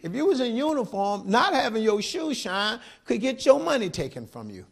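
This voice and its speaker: A man's voice: very high-pitched, very animated, moderate pace, creaky. A man preaching a sermon with passion, calling out to the congregation for responses. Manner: impassioned preaching with call-and-response. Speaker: pastor.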